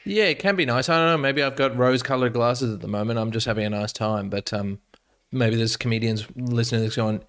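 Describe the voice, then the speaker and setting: Self-mocking comedian telling stories. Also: male voice, mid-range voice, fast talker. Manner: animated, self-mocking storyteller with many restarts. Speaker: guest, comedian and actor. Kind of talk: casual podcast chat.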